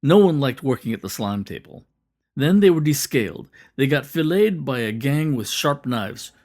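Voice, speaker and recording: A man, the author, narrating an audiobook of his own novel in a measured, reflective first-person telling. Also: mid-range voice, lively intonation, a little mellow.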